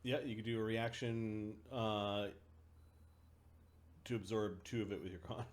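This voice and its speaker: A man playing a tabletop game, quickly checking rules and laughing along with the others. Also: fairly low pitch, fairly even intonation. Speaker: player.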